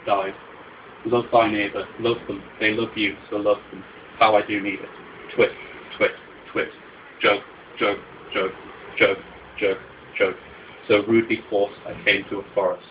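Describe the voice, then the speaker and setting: Male poet, dramatic and incantatory live performance; low voice, muffled recording with faint hiss. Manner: dramatic, incantatory, repeating refrains. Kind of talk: live spoken-word poetry performance.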